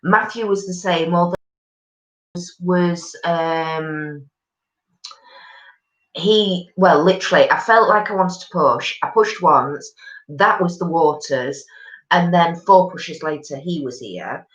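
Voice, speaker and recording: A woman's voice: fairly low pitch, slow pace. Chatty woman, echoey room. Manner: chatty and gossipy, with many ums. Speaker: live stream host. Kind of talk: casual chat reading out viewer comments. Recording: echoey room, dull lo-fi sound.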